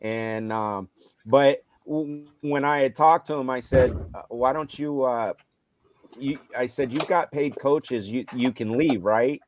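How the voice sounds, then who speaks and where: Man, middle-aged, football coach, casual storytelling, animated, loud when quoting himself. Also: mid-range voice, slow, slight background noise. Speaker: high school football coach. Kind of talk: casual storytelling on a live show.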